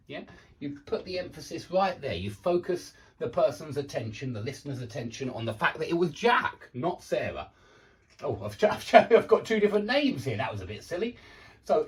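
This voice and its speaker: Male teacher, animated pitch, patient explainer, mic a little distant. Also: moderate pace. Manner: patient, explanatory, checks in with "okay?" and "yeah?". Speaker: English grammar teacher. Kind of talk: online grammar lecture.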